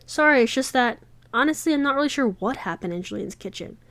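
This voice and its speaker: A woman reading aloud, voicing a flustered, embarrassed young woman baker who talks haltingly. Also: high voice, lively intonation, fairly bright tone, no echo.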